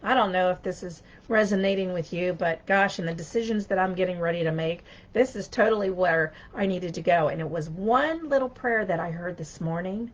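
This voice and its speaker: A woman's voice: medium pitch, moderate pace, highs cut off. A woman giving an earnest, conversational devotional talk, reading scripture and speaking directly to her listeners. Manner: earnest, conversational, with frequent restarts. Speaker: motivational speaker.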